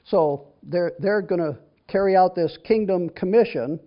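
A man's voice: high voice, unhurried. A man teaching from the Bible, reading verses aloud and then explaining them in a chatty, conversational way. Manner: reads scripture then explains it in a casual, chatty way with restarts. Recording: dull lo-fi recording.

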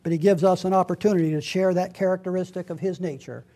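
Man, middle-aged, pastor preaching, fairly high voice, reads scripture aloud, emphatic delivery. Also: fairly even intonation, fast talker, warm tone. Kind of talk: sermon.

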